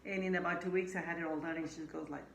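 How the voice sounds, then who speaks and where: A woman's voice: fairly low pitch, very fast, creaky. A woman who came as an immigrant, telling her work story in a casual interview and acting out the dialogue. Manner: animated, acts out quoted dialogue. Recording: echoey room, faint background noise.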